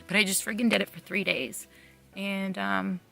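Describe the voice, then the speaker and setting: A woman gives a candid confessional as a reality game contestant. Her voice is bright and sharp, with a gravelly, fry-laden edge. She talks bluntly and swears without a second thought. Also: medium pitch, steady tone, normal speed, soft background music. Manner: frank, blunt, swears freely.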